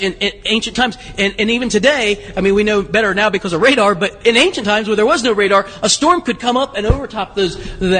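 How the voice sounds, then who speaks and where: High breathy-voiced pastor chatting through a sermon, long church echo. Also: male voice, sharp tone. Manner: conversational, asks the congregation questions, frequent restarts.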